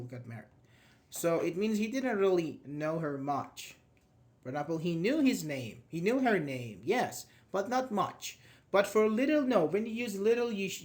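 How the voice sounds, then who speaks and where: A man with a somewhat high voice teaches English grammar in a live class. He works through example sentences step by step, often restarting his phrases as he explains.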